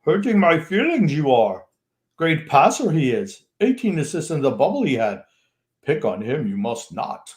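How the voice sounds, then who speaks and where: A man's voice: fairly high pitch, huge pitch swings, normal speed. A man voicing a small, wise old alien master who speaks with backwards sentence order. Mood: mock-solemn.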